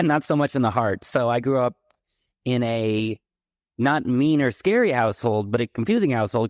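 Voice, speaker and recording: A man's voice: medium pitch, no room sound. Candid middle-aged man telling a story. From San Francisco Bay Area. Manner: candid, animated storytelling with quoted dialogue. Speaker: guest. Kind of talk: personal storytelling in a podcast interview.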